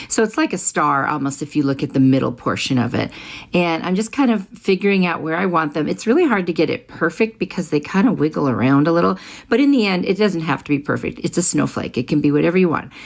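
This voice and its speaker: A middle-aged woman narrates a craft tutorial as a voice-over, talking the listener through each step in a friendly, easy way. Her voice sits a little low for a woman. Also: lively intonation, a little fast, vocal fry. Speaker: craft channel host.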